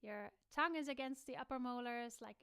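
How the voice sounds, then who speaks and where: A woman's voice: fairly high pitch, brisk, a bit bright, smooth, no echo. A young woman, teaching a singing lesson and stopping to demonstrate sounds herself. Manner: demonstrative, switching between explaining and sung or spoken examples. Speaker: vocal coach.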